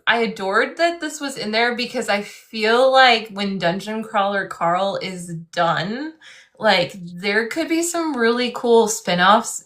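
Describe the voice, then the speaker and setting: A woman's voice: medium pitch, fairly bright tone. Chatty woman in a book club chat. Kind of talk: casual live book discussion.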